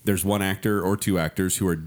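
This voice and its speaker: A man's voice: deep voice, steady tone, a little fast. A man co-hosting a casual chat, chiming in with short agreements and laughs and telling his own improv stories.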